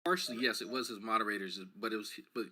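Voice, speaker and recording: A man's voice: lowish voice, fairly even intonation, rapid-fire, a crowd in the background. A man giving casual, sarcastic and exasperated commentary while reacting to a video.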